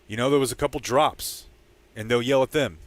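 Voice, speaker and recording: Animated man telling a sports story. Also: medium pitch, a little fast, no echo. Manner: animated storyteller, shouts out quoted fans. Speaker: podcast co-host. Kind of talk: casual sports chat. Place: training camp site.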